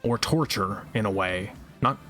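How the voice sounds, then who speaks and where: A man co-hosting a casual podcast chat, rambling and animated and laughing often. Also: fairly low pitch, unhurried, soft background music. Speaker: podcast co-host.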